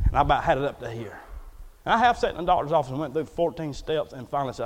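A man preaching a folksy, emphatic storytelling sermon. He swings between loud bursts and hushed asides. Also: fairly high pitch, big pitch swings, quick pace. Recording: long hall reverb.

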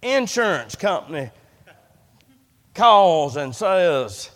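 A male pastor preaching a sermon in a church, impassioned, repeating words and swinging between loud and soft. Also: sits high, expressive, measured pace. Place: church sanctuary. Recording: long hall reverb.

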